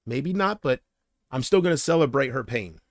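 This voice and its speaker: A man's voice: mid-range voice, expressive, normal speed, no room sound, studio quality. A man on a livestream, ranting in an agitated, profane way and talking back to comments from his chat. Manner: reads viewer comments aloud. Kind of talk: live-stream rant to chat.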